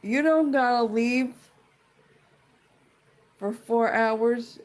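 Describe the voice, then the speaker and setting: A woman's voice: medium pitch, a little slow. A woman ranting in a casual vlog, profane, rambling and indignant as she vents like a fed-up tenant. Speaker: tenant venting about a dispute.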